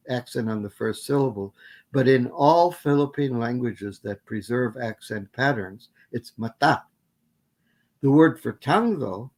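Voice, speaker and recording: A man's voice: medium pitch, darkish tone. Rambling man answering questions. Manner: rambling, self-correcting with many fillers. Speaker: guest lecturer. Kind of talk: academic Q&A answer.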